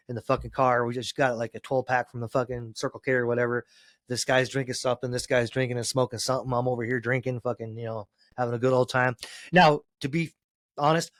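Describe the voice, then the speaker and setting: A man, a former pro wrestler, telling road stories in a casual podcast chat, cursing freely and rambling, climbing loud and high as he gets worked up. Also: no room sound. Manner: profane, rambling storyteller, gets loud and high when excited.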